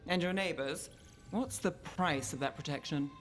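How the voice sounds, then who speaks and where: Man voicing a skeptical game character, high voice, probing questions, faint music. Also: normal speed, fairly bright tone, lightly acted.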